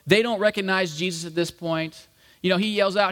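A man with a fairly high voice preaching a relaxed, jokey sermon. He talks to the congregation like old friends and acts out the quoted voices. A long reverb trails his words around the hall. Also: brisk. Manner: casual, jokey, addresses the congregation as guys. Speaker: pastor. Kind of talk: conversational sermon.

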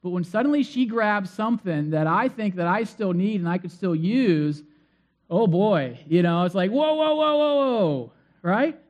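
A man's voice: sits high, moderate pace, a little mellow, dull audio. A man preaching a conversational sermon as pastor. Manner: conversational, acts out quoted voices.

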